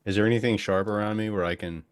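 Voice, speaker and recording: A man's voice: lowish voice, fairly even intonation, quick pace, smooth, no echo. A man playing a tabletop game, asking tentative questions with many "like"s. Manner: tentative, asks questions, "like" fillers. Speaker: player. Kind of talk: casual tabletop play.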